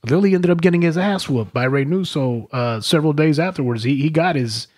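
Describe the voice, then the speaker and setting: A man co-hosting a podcast, telling stories in a casual, profane and animated way. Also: a little high, brisk. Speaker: podcast co-host. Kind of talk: casual storytelling chat.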